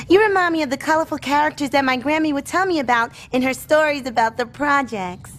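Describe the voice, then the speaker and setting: A woman voicing a gentle, polite, well-spoken young girl who ran away from uptown, in an animated sitcom. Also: high voice, a little fast, slight background noise. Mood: sweet.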